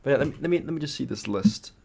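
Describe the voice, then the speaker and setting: A man co-hosting a casual podcast, animated and playful, often restarting his sentences. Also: medium pitch, rapid-fire, vocal fry, slight background noise. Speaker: podcast co-host. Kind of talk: casual chat.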